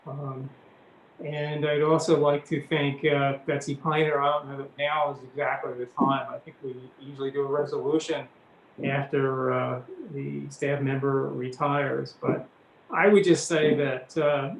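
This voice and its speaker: A man chairing a public meeting, speaking haltingly with many fillers. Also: mid-range voice, little pitch movement, gravelly, reverberant, a little hiss or hum, rough recording. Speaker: commission chairman.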